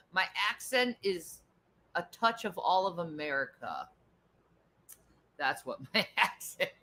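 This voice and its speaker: Bright-voiced woman rambling on a livestream. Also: low voice, a little hiss or hum, poor audio. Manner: rambling, laughs often, coos at her pet. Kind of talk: casual livestream chat, answering comments.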